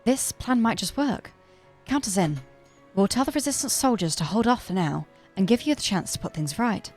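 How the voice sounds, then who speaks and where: A woman's voice: mid-range voice, animated, normal speed, darkish tone, faint music behind. A woman reading aloud as an earnest, reformed young gang member, in a northern English accent. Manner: reading game dialogue aloud, plain earnest delivery.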